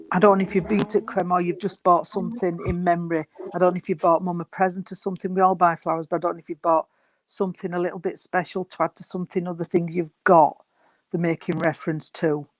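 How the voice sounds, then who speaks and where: A man's voice: high voice, dry recording, lo-fi sound. A man giving spirit messages at a service, rambling and affectionate, calling people darling. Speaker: spiritualist medium.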